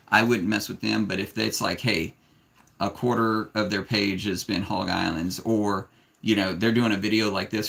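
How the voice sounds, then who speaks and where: A man with a gravelly, creaky voice chats casually on a live stream. He gives plainspoken, frank advice to viewers, and he talks to his young son in a gentle, patient way. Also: fairly low pitch. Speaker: snake breeder hosting a live stream.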